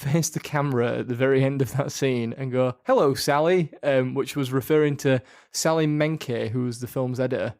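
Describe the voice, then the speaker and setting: A man's voice: medium pitch, darkish tone. Giggly man in podcast chat. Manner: giggly, chatty, shares trivia. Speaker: podcast host. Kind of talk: casual chat.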